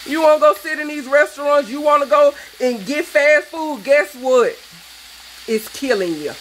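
A woman's voice: sits high, normal speed, slight background noise, poor audio. A woman, a cooking show host, delivering a fervent, preachy rant that scolds her viewers. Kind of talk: impassioned vlog rant.

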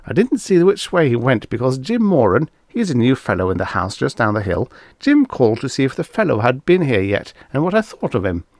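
A man reading aloud, voicing an excitable adult man who stammers and sputters in a raised, rapid voice. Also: medium pitch, dry recording, studio quality. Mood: agitated.

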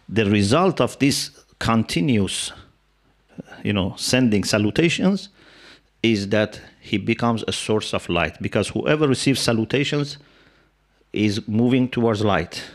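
A man's voice: on the low side, animated, unhurried. Man giving a religious talk, English. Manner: explanatory storytelling with Arabic quotations; frequent "yeah?" and "you know" to check in with listeners. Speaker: Islamic scholar and lecturer. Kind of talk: religious lecture. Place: mosque hall with a live audience.

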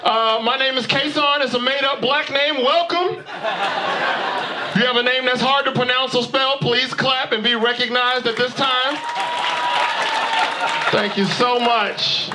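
A man performing a stand-up comedy set on a club stage, working the crowd and landing loud punchlines on a handheld mic. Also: very high voice, fairly even intonation, a little slow, long pauses. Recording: live club recording with crowd noise.

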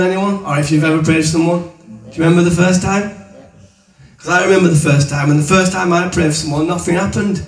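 A man with a high-sitting voice preaches to an audience in an echoey room, standing away from the mic. He gives testimony and teaching in a chatty, colloquial storytelling style.

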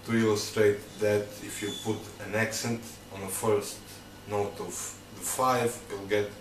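A man teaching drum sticking patterns, counting beats aloud in loose, halting phrasing. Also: fairly low pitch, little pitch movement, noisy background. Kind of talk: instructional demonstration. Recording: echoey room, mic at a distance, loud clatter.

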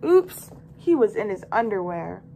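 A woman volunteer reading a children's picture book aloud with expressive, lively storytelling. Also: on the high side, normal speed, a little hiss or hum. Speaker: volunteer reader.

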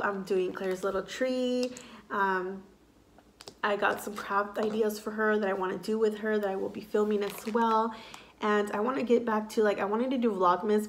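A woman's voice: mid-range voice, a little hiss or hum. A young woman and mother talking casually and emotionally to her vlog audience, rambling with lots of fillers. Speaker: vlogger, mother.

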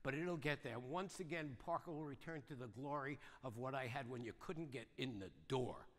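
Fast-talking older man in a big hall. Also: mid-range voice, a bit bright. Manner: fast, punchy, keeps asking the audience "right?" and "yes or no?". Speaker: seminar speaker. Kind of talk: motivational seminar talk. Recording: long reverb of a large hall.

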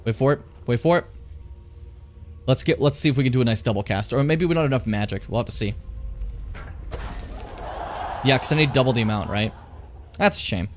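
A man with a medium-pitched voice talks very fast while streaming a fantasy role-playing game, bantering and joking with his viewers in animated, casual commentary. Slight background noise can be heard.

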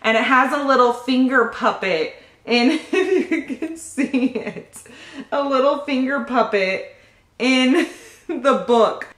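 Opening presents on camera, this young, pregnant YouTuber chats casually, laughing often and gushing with giggly excitement. She has a fairly high, slightly bright voice, captured with an echoey room sound.

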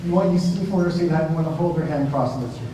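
A male professor leading a class discussion, animated and full of restarts and questions to the students. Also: a little high, very fast, a little hiss or hum. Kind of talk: discussion-led class talk. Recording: echoey hall heard from a distance.

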